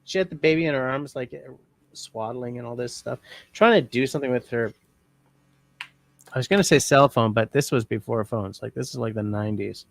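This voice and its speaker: A man's voice: medium pitch, a little fast, gravelly. A man co-hosting a casual livestream, telling rambling anecdotes. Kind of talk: casual chat.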